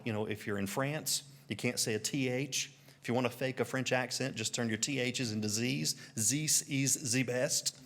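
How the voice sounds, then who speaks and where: A man's voice: mid-range voice, gravelly. Southern American man preaching. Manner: storytelling, animated, puts on voices for quotes. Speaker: pastor. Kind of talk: sermon.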